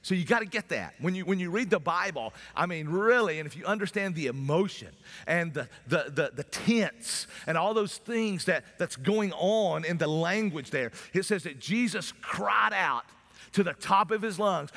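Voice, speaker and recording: A pastor preaching a sermon in a conversational way, at times breaking into loud shouts. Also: male voice, sits high, expressive, normal speed. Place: church sanctuary. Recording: long church hall reverb.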